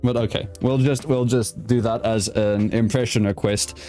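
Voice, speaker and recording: A man's voice: on the low side, steady tone, normal speed, mellow, soft background music. A young man from South Africa hosting an online interview show, joking around in casual chat and stumbling over his words. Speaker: podcast host.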